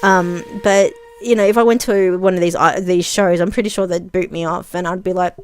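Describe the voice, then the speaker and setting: A woman's voice: lowish voice, steady tone, a little fast, slight background noise. A woman vlogging casual commentary on video listings, rambling with many ums and frequent chuckles.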